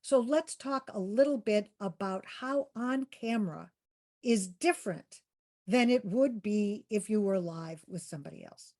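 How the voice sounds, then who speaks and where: A woman's voice: medium pitch, a little slow, a little mellow. A woman coaching interview skills in a workshop, upbeat and encouraging, asking participants questions and demonstrating voice tones.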